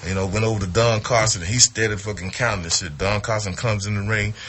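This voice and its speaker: A man with a lowish voice spins a coarse, animated yarn about his wrestling past. He swears freely and jumps into the voices of the people he quotes, with a faint hum of room noise underneath. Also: fast talker. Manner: profane, animated, acts out quotes. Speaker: retired wrestler telling a story. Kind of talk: casual storytelling.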